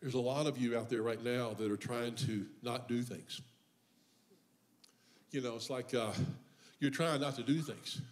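A man's voice: medium pitch, a little slow, long pauses. A male pastor preaching a sermon in church. He mixes humorous personal stories with impassioned refrains that build in force. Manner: humorous storytelling about his own life.

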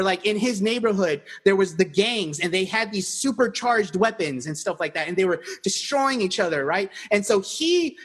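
Podcast co-host, male, high husky voice, lively storyteller who restarts sentences often. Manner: animated storyteller with many restarts. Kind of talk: casual chat.

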